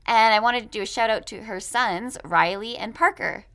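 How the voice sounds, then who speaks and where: Bright-voiced dry Canadian mother. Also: fairly high pitch, normal speed, clear, resonant tone. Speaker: podcast co-host, mother. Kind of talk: casual chat.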